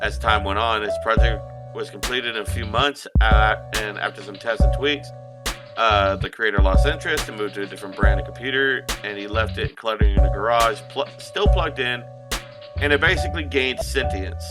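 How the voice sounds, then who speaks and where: A man co-hosting a casual group podcast, explaining things haltingly with many restarts. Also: lowish voice, loud music behind the voice. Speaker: podcast co-host.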